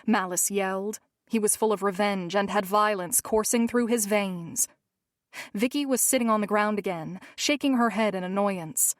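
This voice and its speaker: A woman narrating a romance novel in first person, measured and steady. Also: mid-range voice, dry recording, studio quality. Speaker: audiobook narrator.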